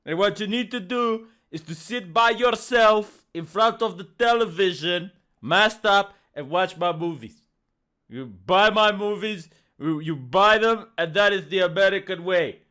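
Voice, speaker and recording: A man with a Romanian accent doing a weak impression of a gruff action-star man who bossily tells people to stay home. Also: high-pitched, unhurried, pushed and bright. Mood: bossy.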